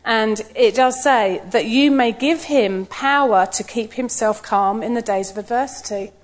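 A middle-aged woman giving a personal sermon talk, telling stories in a lively way and acting out what people said. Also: fairly high pitch, unhurried. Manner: lively storytelling, acts out quotes with laughs. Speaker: church speaker.

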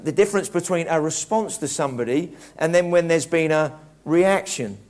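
A man's voice: on the high side, darkish tone. A man preaching a conversational, reflective sermon, often restarting his sentences. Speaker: pastor.

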